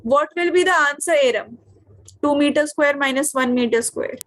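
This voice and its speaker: High-voiced Indian English woman teaching physics. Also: normal speed, a bit bright. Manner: questioning, checks understanding often. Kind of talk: online physics class.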